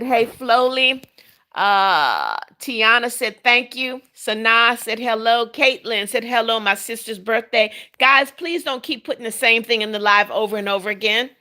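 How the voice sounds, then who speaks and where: A middle-aged woman hosting a livestream, reading viewers' comments aloud, greeting them warmly and turning firm when she lays down her rules. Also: on the high side. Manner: warm, religious greetings to viewers. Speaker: livestream host. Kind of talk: reading out live chat comments.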